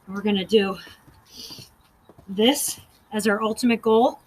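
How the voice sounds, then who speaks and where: A woman's voice: mid-range voice, fairly even intonation, a little slow, husky, rough recording. A woman fitness instructor leading a workout and counting reps aloud, out of breath and encouraging.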